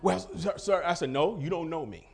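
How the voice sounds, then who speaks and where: A man's voice: on the high side, a little fast, gravelly. A middle-aged man preaching a testimony sermon, acting out the dialogue and breaking into laughter as he tells it. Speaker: pastor.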